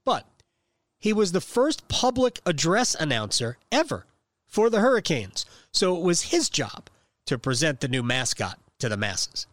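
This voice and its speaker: A man's voice: fairly high pitch, very animated, a little slow, a bit bright, no echo. Man narrating a podcast story. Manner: smooth narrating links between interview clips. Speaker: podcast host. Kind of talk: scripted narration.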